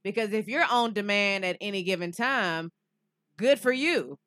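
A woman's voice: medium pitch, normal speed, fairly bright tone, no room sound, clean studio sound. A woman co-hosting a podcast, blunt and frank, swearing freely. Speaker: podcast co-host. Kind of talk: casual chat.

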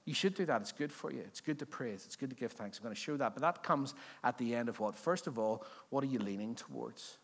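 A man's voice: mid-range voice, quick pace, creaky, hardly any pauses, fairly bright tone. A male pastor preaching a sermon in a conversational, joking way, often asking the congregation questions. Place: church service before a congregation.

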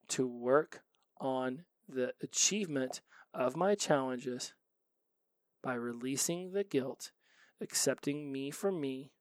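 A man's voice: mid-range voice, no echo. Chatty man hosting a solo podcast. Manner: chatty, animated storytelling with laughs. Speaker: podcast host.

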